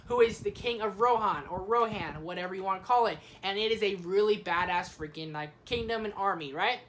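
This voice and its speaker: A young woman giving a casual movie review, excitable and slangy, swearing freely. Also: a little high.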